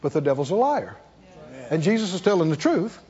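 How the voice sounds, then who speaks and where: A male preacher, preaching with rhetorical questions and sudden swings between soft and loud. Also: on the high side, big pitch swings, brisk. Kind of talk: sermon. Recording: dull, echoey hall.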